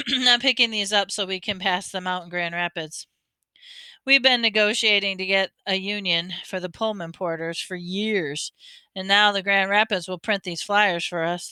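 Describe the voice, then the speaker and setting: A woman's voice: mid-range voice, normal speed, pushed and bright, smooth, dry recording, lightly acted. Woman reading as a folksy grandfatherly old union man. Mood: explaining. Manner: folksy, calls the boy bud. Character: kindly older male union man, grandfatherly, teasing. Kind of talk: audiobook reading.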